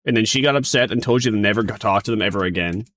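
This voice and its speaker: A man's voice: fairly low pitch, racing, a bit bright. A man streaming a reaction to a video, talking casually in a mocking, rambling way full of restarts.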